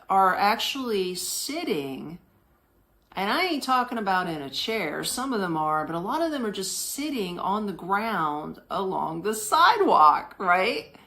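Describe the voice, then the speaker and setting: Lively, slangy woman telling a story. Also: mid-range voice. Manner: animated, slangy, laughs often, mimics voices. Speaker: podcast host. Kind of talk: casual storytelling monologue.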